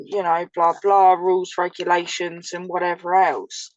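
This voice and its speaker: A woman's voice: fairly low pitch, flat delivery, normal speed, hardly any pauses, dry recording, low-quality recording. An English woman, a former prisoner, telling her story in casual chat, blunt and vivid, swearing freely. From England.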